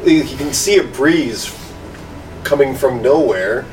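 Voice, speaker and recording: A man's voice: medium pitch, expressive, slow pace, a little mellow, distant mic, faint music behind, low-quality recording. A man co-hosting a casual movie chat, joking and rambling with many fillers. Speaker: podcast co-host.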